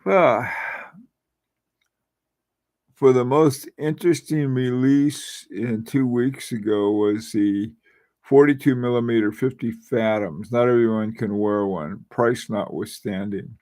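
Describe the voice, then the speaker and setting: A middle-aged man talks slowly and unhurriedly in a casual live-stream chat. His voice sits at an ordinary middle pitch. He rambles, muses aloud and restarts his sentences often. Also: darkish tone. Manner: rambling, musing, frequent fillers and restarts. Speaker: watch channel host.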